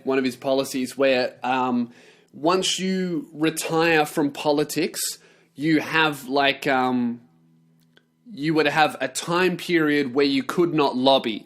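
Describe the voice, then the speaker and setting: A male vlogger delivering a profane, sarcastic rant with plenty of energy. His voice sits a little higher than most men's. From not from the United States. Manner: sweary, sarcastic, animated. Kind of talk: profane ranting commentary.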